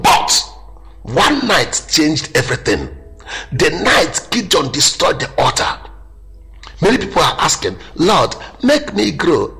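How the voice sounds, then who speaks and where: A man preaching with a strikingly lively, swooping pitch and a bright, forceful edge. He builds declarations in rhythmic repeated phrases, with soft music underneath. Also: a little slow, vocal fry, low-quality recording. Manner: emphatic, rhythmic repetition. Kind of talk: prophetic declaration sermon.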